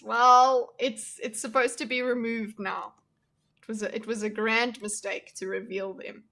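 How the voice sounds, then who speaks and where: A young woman hosts a casual livestream, chatting with her viewers. Her voice sits a little high with a bright, forward edge. She is jokey and self-deprecating and laughs easily. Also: little pitch movement, measured pace, vocal fry. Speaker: livestream host. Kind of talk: casual livestream chat reacting to chat.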